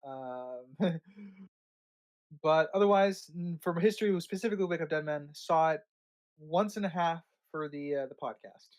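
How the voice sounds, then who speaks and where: A man's voice: a little high, unhurried. A man co-hosting a film podcast, chatting in a laid-back way and laughing between thoughts. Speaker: podcast co-host. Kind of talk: casual chat.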